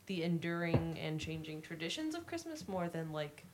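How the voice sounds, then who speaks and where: A woman's voice: low voice, sing-song, normal speed, background noise. A woman in casual family chat, rambling and full of "like" as she thinks aloud. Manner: rambling, many likes. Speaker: family member.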